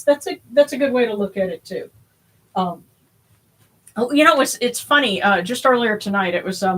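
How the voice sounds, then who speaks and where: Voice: mid-range voice, a bit bright, poor audio. Livestream host, casual and rambling, hesitant, plenty of fillers. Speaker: host of a religious livestream service.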